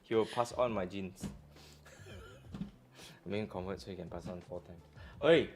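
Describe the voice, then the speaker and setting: Malaysian guy hosting a chat stream, teasing, loud bursts, "lah" everywhere, faint music behind. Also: deep voice, slow pace, pauses often. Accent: Malaysian English. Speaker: show host. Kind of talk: casual live-stream chat.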